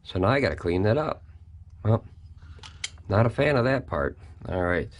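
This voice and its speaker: A man's voice: on the low side, very animated, moderate pace. A man hosting a casual product review vlog, chatty and folksy, talking straight to his viewers from a home kitchen.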